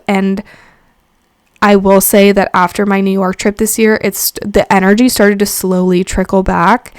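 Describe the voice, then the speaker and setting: A woman's voice: medium pitch, no room sound, clean studio sound. A young adult woman hosting a solo podcast, talking candidly and emotionally, peppered with swearing and "like" fillers. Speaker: podcast host. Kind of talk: solo reflective podcast talk.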